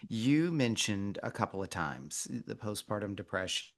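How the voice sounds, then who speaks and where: A man hosting a podcast and working as a coach, asking reflective interview questions in a measured, thoughtful way, slowing on key words with small restarts. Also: on the low side, big pitch swings.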